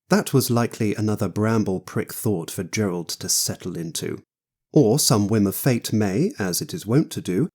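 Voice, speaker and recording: A man's voice: lowish voice, darkish tone. A man giving scripted audiobook narration as a wry, theatrical storyteller.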